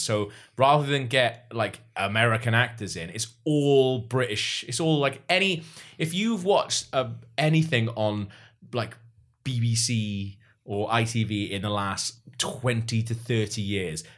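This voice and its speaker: A man's voice: mid-range voice, a bit bright. A Welsh man chatting casually as a podcast co-host, rambling with plenty of fillers and asides. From Wales. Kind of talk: casual chat.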